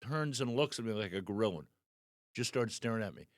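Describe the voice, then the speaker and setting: A man's voice: on the low side, fairly quick, no room sound, studio quality. A man in his sixties, a stand-up comedian guest, telling anecdotes animatedly in a casual podcast chat. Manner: animated storyteller, acts out the people in his anecdotes.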